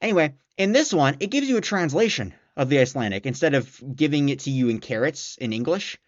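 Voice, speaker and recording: A man with a fairly high voice rants through a casual book review, blunt and exasperated, tripping over restarts. The recording is dry and a little dull. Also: animated, fast, no echo. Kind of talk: casual spoken review rant.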